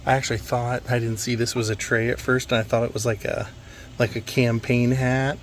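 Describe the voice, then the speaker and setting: A man vlogging as he walks through an indoor antique mall, making relaxed offhand remarks and chuckling at the finds. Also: mid-range voice, a little fast, a little hiss or hum. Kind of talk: casual walkthrough commentary.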